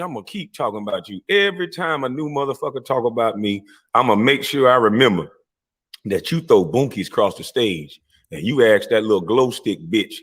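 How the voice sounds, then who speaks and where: Profane, confrontational man ranting to camera. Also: medium pitch. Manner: profane, confrontational, swings into loud mocking voices. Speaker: live-stream talker. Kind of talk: heated rant to camera.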